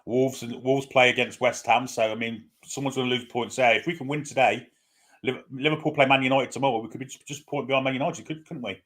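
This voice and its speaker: A man co-hosting a casual live stream, talking quickly and opinionatedly and often asking for agreement. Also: medium pitch, fairly even intonation, a bit bright. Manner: rapid, opinionated, asks for agreement. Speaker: co-host.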